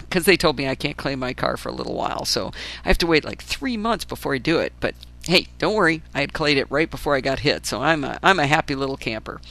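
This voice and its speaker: A woman hosting a casual solo podcast, chatty and enthusiastic with wry asides, her voice still hoarse after a flu. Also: deep voice, animated, fast talker, a bit bright. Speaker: podcast host.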